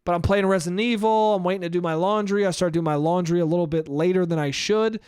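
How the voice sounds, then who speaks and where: A young man runs his podcast solo, spinning a long, loose, animated story full of swearing and acting out his own thoughts along the way. His voice is slightly high for a man, clear and resonant, and he talks quickly. The recording is close and dry with no room sound at all.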